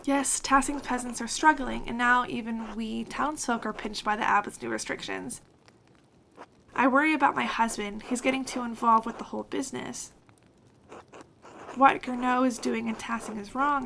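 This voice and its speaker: A woman's voice: a little high, fairly even intonation, moderate pace, vocal fry, sharp tone, slight background noise, low-quality recording. A woman voicing a worried, devout baker's wife, reading game dialogue aloud earnestly.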